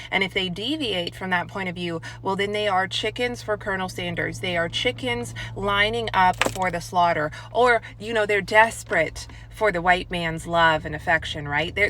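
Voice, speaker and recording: A woman's voice: medium pitch, pushed and bright, a little hiss or hum. A woman giving an emphatic opinion commentary monologue, full of rhetorical questions. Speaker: political commentator.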